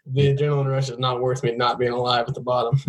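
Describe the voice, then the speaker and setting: A man's voice: medium pitch, little pitch movement, fast, low-quality recording. A young man in casual chat, telling rambling stories laced with swearing. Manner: rambling, profane storytelling.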